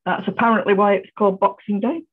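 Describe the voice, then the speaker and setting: A British woman chatting as a guest on a sewing livestream over a video call, relaxed and matter-of-fact. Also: mid-range voice, fast talker, breathy edge. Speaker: guest sewer. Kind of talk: casual livestream chat. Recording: thin phone-like video call audio.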